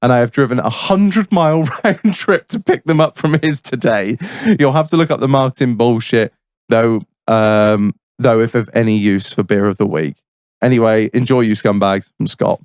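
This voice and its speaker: A man co-hosting a podcast, chatting crudely, swearing freely and breaking into loud exclamations. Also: mid-range voice, moderate pace, smooth, dry recording. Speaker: podcast co-host. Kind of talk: crude casual banter.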